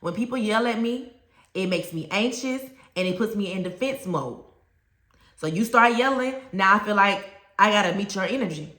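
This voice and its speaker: Bright-voiced Southern woman teaching. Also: mid-range voice, lively intonation, normal speed, echoey room. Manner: emphatic, projecting, plain-spoken. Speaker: teacher trainer. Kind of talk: teaching talk to camera.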